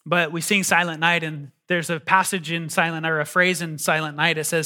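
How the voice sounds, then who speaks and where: High, bright-voiced male preacher. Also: normal speed, hardly any pauses. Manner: animated, emphatic, calls on the congregation to respond. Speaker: pastor. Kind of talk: sermon.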